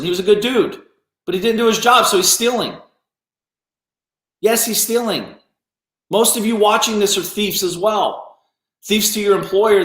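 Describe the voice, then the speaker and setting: A man's voice: high voice, fairly bright tone. Blunt, scolding man in an echoey room. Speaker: business owner. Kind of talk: motivational live-stream rant.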